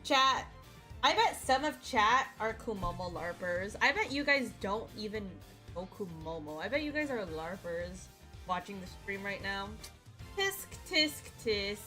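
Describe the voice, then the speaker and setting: A woman's voice: mid-range voice, expressive, moderate pace, pushed and bright, soft background music. A woman streamer chatting casually with her viewers, playful and teasing, with frequent giggles.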